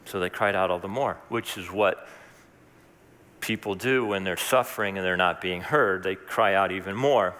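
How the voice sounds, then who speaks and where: Earnest pastor in a ringing hall. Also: male voice, low voice, moderate pace, a bit bright. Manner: conversational, earnest, with restarts and asides. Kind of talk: sermon.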